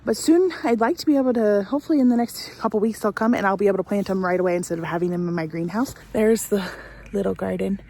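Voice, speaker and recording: A woman's voice: medium pitch, fast talker, dark tone. A woman in her thirties vlogging casually from her snowy homestead, rambling and self-deprecating, with a cold. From Central Oregon. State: has a cold, out of breath from trudging through snow. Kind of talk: casual vlog narration. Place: outdoors on a snowy homestead and greenhouse.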